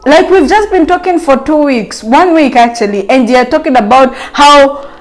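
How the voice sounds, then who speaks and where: A woman's voice: high voice, normal speed, faint music behind. Playful woman giving dating advice. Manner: playful, teasing, direct address to viewers. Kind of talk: casual advice chat to camera.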